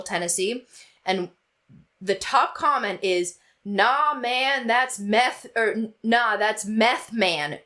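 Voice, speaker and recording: A woman's voice: mid-range voice, a bit bright. A woman with an ordinary, mid-range voice co-hosts a casual chat podcast. She trades wisecracks with her co-host. She pokes fun at herself in a loose, conversational way. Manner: joking, self-deprecating, wisecracking.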